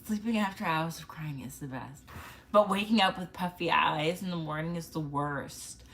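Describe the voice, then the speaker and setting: Young woman vlogger rambling slow, self-mocking, keeps laughing at herself. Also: sits low, fairly bright tone. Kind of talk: casual chat to camera.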